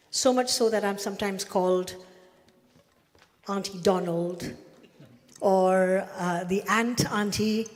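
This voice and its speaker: A woman leading a live audience at a devotional celebration, talking in a playful, coaxing, teacherly way. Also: a little high. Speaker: song leader at a devotional celebration. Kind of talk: lively talk leading children and audience. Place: large event hall, live audience. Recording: long hall reverb with faint music.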